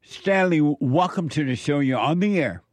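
A man hosting a call-in radio show, giving slow, repetitive advice to callers. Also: on the high side, animated, no room sound.

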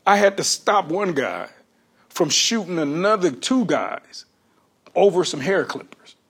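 Comedian guy on a talk show, high husky voice, slangy and laughing a lot. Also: unhurried. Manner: animated, slangy, laughs often. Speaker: guest comedian. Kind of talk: casual interview storytelling.

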